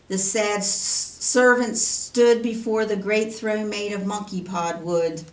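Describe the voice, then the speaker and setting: Slow woman reading a rhyming story. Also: medium pitch, steady tone. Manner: slow, sing-song rhyming cadence. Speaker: Sunday school teacher. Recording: roomy, from a distance.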